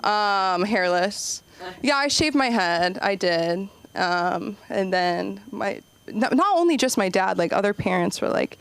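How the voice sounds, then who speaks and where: A woman's voice: mid-range voice, expressive, a little slow, smooth. A young woman performing a stand-up set at an open mic, rambling and self-deprecating with lots of "like" and trailing asides. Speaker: stand-up comic. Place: comedy club stage.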